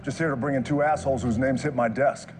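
A man's voice: mid-range voice, fairly even intonation, fast, music in the background, natural voice. An actor playing a tough, no-nonsense male federal agent with a blunt, threatening manner. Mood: menacing. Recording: film clip with loud score.

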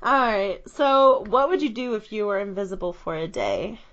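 A woman's voice: mid-range voice, animated, normal speed, a bit bright. Giggly woman podcast host, muffled. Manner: giggly, playful teasing. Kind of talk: casual podcast chat.

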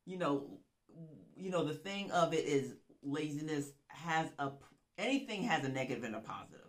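Woman cohost, kinda low voice, blunt. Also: lively intonation, normal speed. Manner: blunt, lots of short agreeing backchannels. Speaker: podcast co-host. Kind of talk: casual chat.

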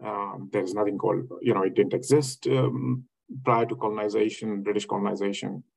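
A man's voice: on the low side, steady tone, moderate pace, creaky, slightly rough, low-quality recording. A man speaking as an academic in a reflective lecture style, hesitant, with many fillers and restarts.

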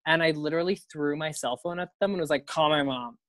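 A man's voice: on the high side, steady tone, fast, a bit bright, dry recording. Chatty young man telling a wild story. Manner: chatty, swears freely, laughs often. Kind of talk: casual storytelling.

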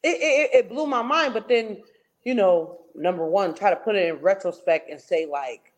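Young woman podcast co-host, rambly and hesitant, lots of "like", mid-pitch voice. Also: animated, normal speed. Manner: rambling, hesitant, heavy with "like" and "um" fillers. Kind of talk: casual chat.

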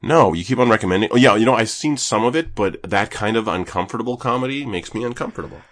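A man's voice: fairly low pitch, fast. A man hosting a podcast in casual chat, telling stories with lots of swearing and acting out what people said. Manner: animated storyteller, swears often, acts out quotes loudly. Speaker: podcast host.

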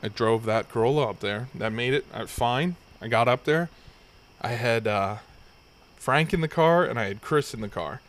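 A man's voice: mid-range voice, moderate pace. Casual, swearing young man telling a story. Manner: rambling, profane anecdote telling. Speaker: podcast host.

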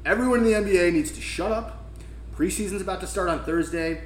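A man's voice: sits high, fast talker. A young man co-hosting a casual sports podcast, talking bluntly and ranting with swearing. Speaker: podcast co-host. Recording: echoey room with faint background noise.

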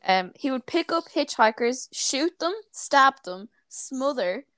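A woman hosting a podcast, telling true-crime stories in animated casual chat, laughing often and swearing freely. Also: high-pitched, slow, clear, resonant tone. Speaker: podcast host.

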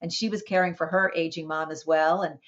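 A woman guest on a podcast, recounting her story with an expressive, lively delivery and frequent small restarts. Her voice sits low for a woman. The recording is dull and lo-fi. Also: fairly quick. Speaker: wellness coach and author, interview guest.

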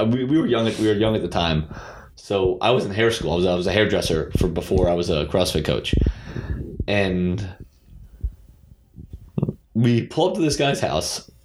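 A man in his late twenties with a low voice speaks bluntly as an interview guest, swearing freely and leaning on "like" as he talks. A faint hiss of noise sits under the recording. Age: late 20s. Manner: candid, swearing, lots of "like". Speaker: guest, CrossFit coach. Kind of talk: casual interview.

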